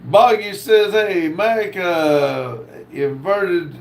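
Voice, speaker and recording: A man hosting a casual livestream, reading viewer comments aloud in a slow drawl. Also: high voice, gravelly, a little hiss or hum. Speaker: livestream host reading chat.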